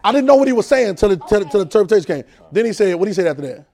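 A high-pitched male preacher leads a call-and-response sermon. He is animated, repeats his words and keeps asking the congregation questions. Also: very fast, vocal fry.

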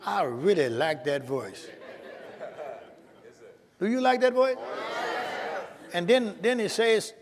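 A man's voice: high-pitched, lively intonation, takes it slowly, pauses often, in a large hall, a crowd in the background. A male pastor preaching a sermon with emphatic call-and-response to his congregation, in a church sanctuary.

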